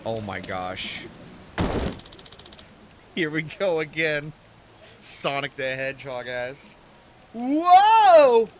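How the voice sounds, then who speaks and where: Slow-talking, bright-voiced game streamer. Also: male voice, mid-range voice. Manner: joking, chatty, mutters menu choices. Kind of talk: casual gameplay commentary.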